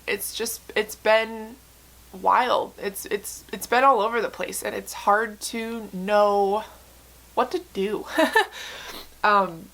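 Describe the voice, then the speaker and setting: A young woman with a bright, forward voice talks straight to camera in a candid, casual way. She speaks earnestly and emotionally, with lots of "um" and "like" and the odd swear word. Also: mid-range voice, steady tone, slow pace, creaky. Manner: earnest, emotional, many fillers and profanity. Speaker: book vlogger.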